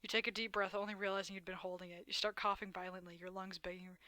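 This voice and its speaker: A woman's voice: mid-range voice, little pitch movement, fast, pushed and bright, no echo. A woman streamer reading a dating game aloud, dramatic narration broken by blunt, swearing asides.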